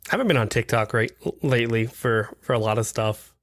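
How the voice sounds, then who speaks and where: A man's voice: medium pitch, a little fast, no echo. A man co-hosting a podcast, trading crude, joking banter in casual chat. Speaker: podcast co-host.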